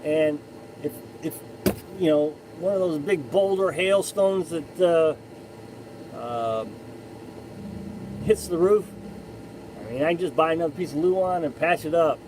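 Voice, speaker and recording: A man's voice: on the high side, unhurried, pauses often, background noise. A man hosting a casual live stream, chatting in a rambling way and often restarting his sentences. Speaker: live stream host reading chat.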